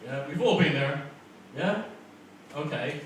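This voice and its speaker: Young Northern Irish stand-up, self-deprecating and chatty, voice a touch high, caught from a distance in a booming, noisy club. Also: male voice, lively intonation, takes it slowly. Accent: softened Northern Irish. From Northern Ireland. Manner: chatty, self-mocking, bantering with the crowd. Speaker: stand-up comedian. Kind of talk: stand-up comedy set. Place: comedy club, live room. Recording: echoey club from far off, noisy.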